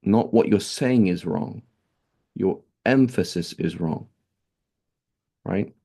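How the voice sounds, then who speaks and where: In a low-pitched, mellow voice, a man leads a relaxed religious lesson as an Islamic teacher. The casual classroom lecture is conversational, packed with fillers and "right?" asked rhetorically.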